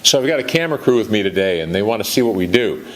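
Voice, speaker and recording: A man giving an upbeat, salesy pitch as a company founder, chuckling now and then. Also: animated, very fast, slight background noise.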